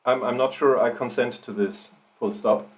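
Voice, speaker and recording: A man's voice: mid-range voice, steady tone, normal speed, poor audio. A man on a live writing stream, dictating his story with punctuation spoken aloud and thinking aloud between sentences.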